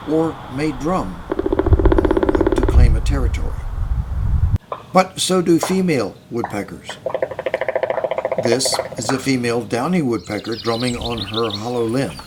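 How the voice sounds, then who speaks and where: A man giving a measured, scripted narration for a nature video. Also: medium pitch. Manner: measured, explanatory. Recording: voice-over with steady background noise.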